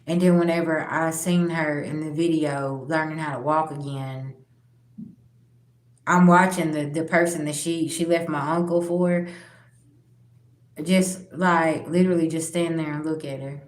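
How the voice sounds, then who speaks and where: A woman's voice: sits low, steady tone, measured pace. A woman hosting her spiritual channel, telling personal stories bluntly and with plenty of profanity, speaking straight to her viewers. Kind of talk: candid personal storytelling. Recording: roomy echo.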